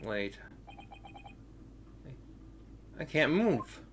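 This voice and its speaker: A man's voice: medium pitch, very animated, drawn-out words, background noise. A man voicing a confused young protagonist in a game, who speaks in a hesitant, breathless way. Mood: bewildered. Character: bewildered young male protagonist.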